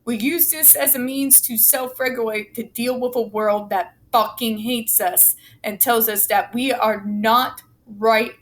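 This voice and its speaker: A furious woman picks apart a report line by line, blunt and sarcastic and swearing hard. Her voice sits a little high and she talks slowly, leaning on each word. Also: fairly even intonation. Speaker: autistic advocate commentator. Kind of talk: angry commentary reading a report aloud.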